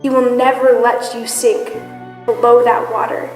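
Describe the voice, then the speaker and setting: A young woman with a fairly high voice speaks earnestly in a personal testimony, pausing on fillers as she goes. Her voice rings through a large echoey hall with a long reverb tail. Soft music plays faintly underneath. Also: flat delivery. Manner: earnest, candid, with frequent fillers. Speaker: church member giving testimony. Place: church hall.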